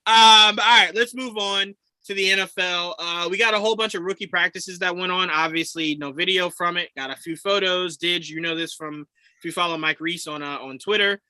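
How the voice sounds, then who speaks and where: A man co-hosting a casual sports podcast over a video call, animated and swearing, laughing as he acts out quotes. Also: sits high, a little fast, smooth, no room sound. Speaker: podcast co-host.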